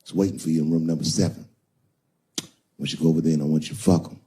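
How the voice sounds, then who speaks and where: A man doing a low, cold scheming pimp. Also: fairly even intonation, racing, dark tone, slight background noise. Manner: low, smooth and commanding.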